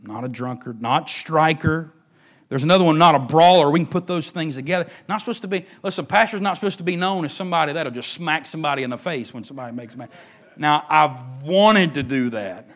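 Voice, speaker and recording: A middle-aged man, preaching a sermon as pastor, swinging between emphatic rises and hushed near-whispers. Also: fairly high pitch, lively intonation, a little fast, hardly any pauses.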